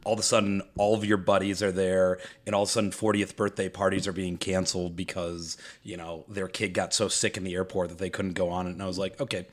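A man's voice: low voice, flat delivery, fast talker, hardly any pauses. A man in his thirties telling a story in casual podcast chat. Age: 30s. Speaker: podcast host.

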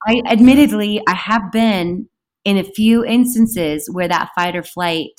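A woman guest telling a story in a casual, animated way, with sudden shouted bursts. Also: mid-range voice, measured pace. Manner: animated, breaks into loud shouted outbursts. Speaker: podcast guest.

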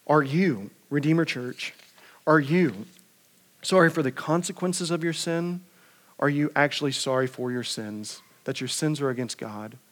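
A pastor preaching a conversational sermon, asking rhetorical questions and often repeating words. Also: male voice, a little high, unhurried.

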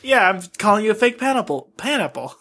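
A man's voice: high voice, sing-song, fast, bright, forceful tone. A man in casual podcast chat, teasing and laughing often as he jokes around. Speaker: podcast co-host.

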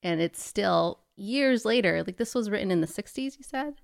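A woman's voice: medium pitch, expressive, moderate pace, creaky, dry recording, clean studio sound. A woman co-hosting a podcast in casual chat, musing aloud as she talks. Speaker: podcast co-host.

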